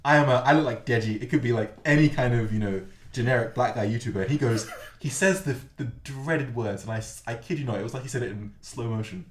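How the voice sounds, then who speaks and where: Talking quickly at medium pitch, a young host shares stories in a casual chat, animatedly voicing the people involved. Faint background noise and echo come from the room.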